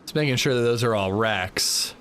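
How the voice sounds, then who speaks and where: A man's voice: medium pitch, moderate pace, fairly bright tone, slight background noise. A man streaming a game, chatting casually and jokingly answering his chat. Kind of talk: casual livestream chat while gaming.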